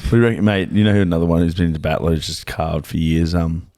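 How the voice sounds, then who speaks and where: Young man, low voice, profane blokey podcast co-host. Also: steady tone, rapid-fire, dark tone. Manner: swearing, hearty blokey banter. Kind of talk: casual podcast chat.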